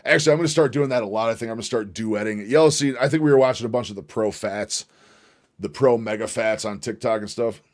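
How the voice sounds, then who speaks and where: Man, livestream host, casual rambling chat, profane, excitable. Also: medium pitch, fast.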